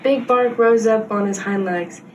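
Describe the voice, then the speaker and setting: A woman's voice: medium pitch, measured pace, distant mic, dull audio, noisy background. A young woman on a sports team reading a children's picture book aloud, carefully. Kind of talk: storybook read-aloud.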